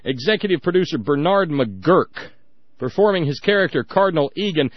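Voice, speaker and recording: A man's voice: on the high side, lively intonation, moderate pace, no room sound, lo-fi sound. A man hosting a radio talk show, giving sarcastic, emphatic commentary with frequent restarts.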